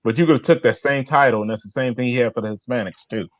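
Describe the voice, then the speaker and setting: A man in a casual discussion who asks questions in a halting way, often repeating himself. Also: medium pitch, no echo, lo-fi sound.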